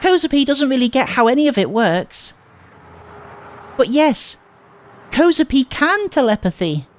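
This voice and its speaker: A man's voice: extremely high pitch, sing-song, unhurried, a little hiss or hum, voice pushed up, exaggerated voice. A man voicing a timid, odd young girl who talks about herself in the third person, with childish baby talk. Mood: shy.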